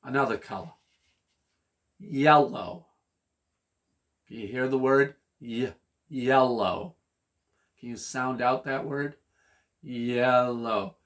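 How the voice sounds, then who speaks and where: Teaching phonics to children, a man with a mid-range voice goes letter by letter through each word. He is slow, patient, and playfully sing-song.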